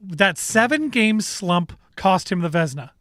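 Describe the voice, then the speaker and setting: A man's voice: high voice, animated, unhurried, fairly bright tone, no echo, studio quality. A man with a Canadian accent co-hosting a sports show, talking casually and rambling with restarts and strong opinions.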